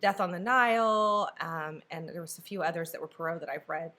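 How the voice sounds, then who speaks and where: A woman's voice: on the low side, fairly quick, pushed and bright. A woman co-hosting a book review, casually retelling a story and acting out characters' lines.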